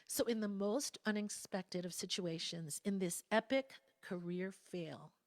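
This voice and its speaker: Middle-aged woman speaker, earnest personal testimony, soft whispered asides, dry close sound. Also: medium pitch, takes it slowly, dry recording. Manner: earnest storytelling, drops to soft whispers for quotes. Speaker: guest speaker at a spiritual service. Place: church sanctuary.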